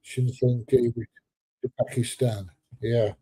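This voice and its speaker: A man's voice: mid-range voice, steady tone, a little slow, warm tone, husky, dry recording. A man of seventy, chatting casually on a live stream, joking and laughing as he reads out viewer comments, a little congested. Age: 70s. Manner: chatty and joking, laughs often, drops into slang. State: a bit congested.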